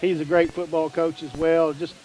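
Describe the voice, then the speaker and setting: A man's voice: a little high, level tone, moderate pace, a little mellow, rough recording. A middle-aged man hosting a local sports broadcast, talking in an easygoing, reminiscing way. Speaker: radio sports host. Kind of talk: casual chat. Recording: faint background noise.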